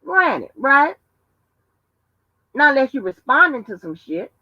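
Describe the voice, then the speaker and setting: A woman's voice: high-pitched, big pitch swings, slow, no echo. A woman hosting a casual livestream from home, talking in a profane, emphatic, storytelling way. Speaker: livestream host. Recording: dull lo-fi livestream audio.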